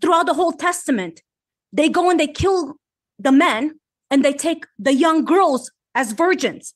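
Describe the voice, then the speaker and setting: A woman's voice: high voice, animated, unhurried. A woman on an online panel discussion who reads scripture aloud and gets heated and emphatic as she argues.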